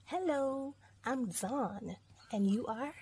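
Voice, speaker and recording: A woman's voice: on the high side, animated, slow, a little mellow, breathy edge, voice pushed up, full character voice. A woman reading a children's storybook aloud and voicing a small young male bear cub in a childlike, pleading way. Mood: playful.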